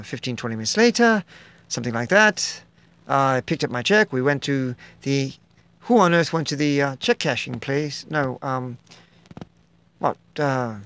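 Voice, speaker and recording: A vlogger with a British accent chatting casually and rambling, with lots of fillers and the odd tag question. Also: mid-range voice. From Britain. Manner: meandering, with frequent fillers and a tag "what?". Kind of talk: rambling casual vlog talk.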